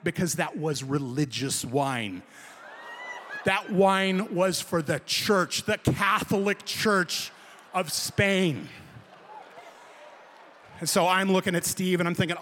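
A man's voice: high voice, slow, long pauses, a bit bright. Comic storyteller man in a hall. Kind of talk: live storytelling performance.

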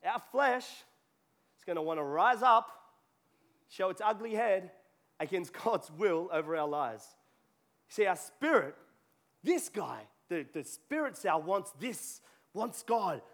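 A pastor preaches to his congregation in a church hall, speaking conversationally and joking with the people there. His voice sits high and sounds fairly bright, animated but slow, with frequent pauses.

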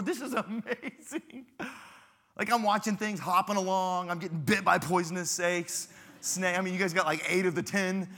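A man preaching a sermon as a guest pastor, telling stories with humor and repeating phrases for emphasis. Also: a little high. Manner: animated, humorous storytelling with emphatic repetition.

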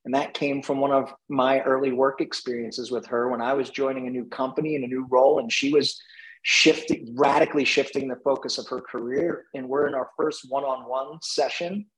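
Male coach, mid-pitched, reflective storyteller who laughs easily. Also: fairly even intonation, brisk, low-quality recording. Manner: reflective, laughs often, restarts phrases. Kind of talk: conversational storytelling in a panel talk.

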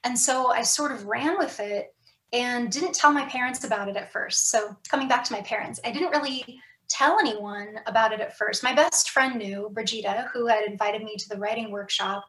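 A woman's voice: on the high side, normal speed, a bit bright, roomy sound, rough recording. A woman talking candidly and reflectively as an author guest in a casual podcast conversation, with many fillers and restarts.

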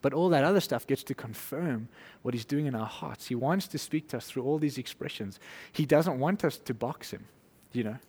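A man preaching an informal sermon, conversational and animated, acting out little quotes and laughing as he goes. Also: medium pitch, normal speed, few pauses, breathy edge, in a large hall.

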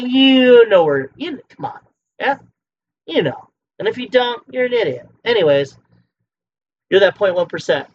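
Drunk podcaster, profane heated rant, swooping pitch, muffled lo-fi recording with faint clicks. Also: slight background noise. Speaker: podcast host. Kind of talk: solo ranting monologue.

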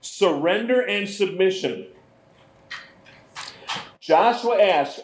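Male pastor preaching, chatty and animated, fairly high voice, roomy echo. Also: slow, long pauses, slight background noise. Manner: conversational, animated, mimics voices. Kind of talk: sermon.

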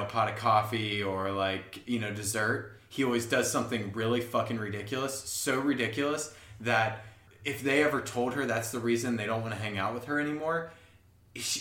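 A man's voice: medium pitch, fairly bright tone, roomy sound. A man co-hosting a podcast, telling rambling stories in casual chat, swearing and acting out other people's voices. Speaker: podcast co-host.

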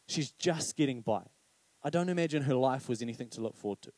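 A man's voice: medium pitch, quick pace, no echo. A male pastor giving a conversational sermon, often asking "right?" and acting out quoted voices. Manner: conversational, animated, acts out quoted voices with many "right?" asides.

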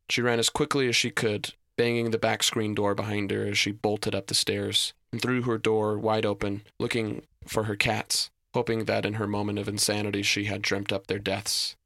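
A man narrating a story in a steady, descriptive reading. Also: lowish voice, vocal fry, no echo.

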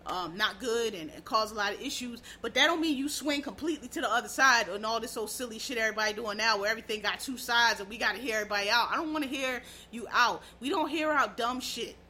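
A woman's voice: on the high side, fast talker, hardly any pauses, sharp tone. A woman hosting a show, giving blunt, profane, emphatic commentary in casual talk.

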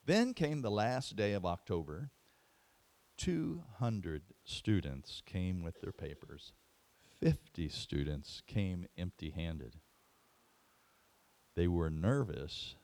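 Animated storytelling male preacher. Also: low voice, dry recording. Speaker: pastor. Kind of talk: sermon.

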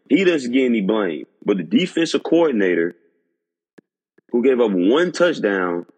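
A man hosting a sports podcast, ranting in disbelief with emphatic repetition and a husky voice. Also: medium pitch, in a large hall. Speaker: podcast host.

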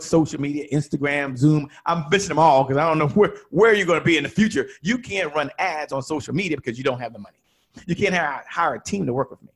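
A man with a slightly husky, higher-set voice teaches sales on a podcast. His pitch swings a lot as he stresses points and acts out short exchanges with clients. He sounds emphatic and animated throughout. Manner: emphatic, plays out dialogue in little voices. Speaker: sales coach podcast guest.

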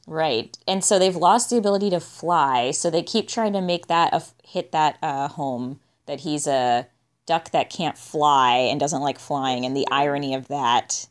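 Low-pitched woman, casual podcast co-host, dry and offhand. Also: a little slow. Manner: dry, musing, trails off with "I guess". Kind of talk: casual movie discussion.

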